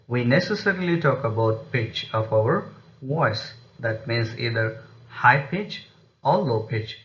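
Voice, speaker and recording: Male language teacher, slow measured delivery, muffled lo-fi recording. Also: mid-range voice, a bit bright. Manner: slow, deliberate explanation with repeated example phrases. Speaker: English teacher. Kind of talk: pronunciation lesson.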